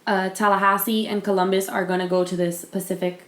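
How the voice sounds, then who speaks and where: A woman co-hosts a podcast in loose, chatty conversation full of fillers and restarts. Her voice is medium-pitched and flat, a little fast, and the recording has a roomy echo.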